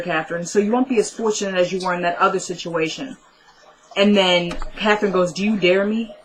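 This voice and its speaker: Bright-voiced woman recapping a TV episode. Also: medium pitch, rough recording. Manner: chatty, retells scenes by quoting characters. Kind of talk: casual recap monologue.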